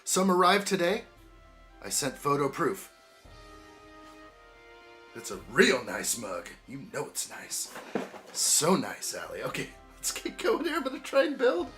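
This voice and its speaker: A man's voice: a little high, huge pitch swings, a little slow, long pauses, a bit bright, faint music behind. A man hosting a building live stream, chatting in an upbeat way and greeting viewers by name. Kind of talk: casual live-stream chat while building.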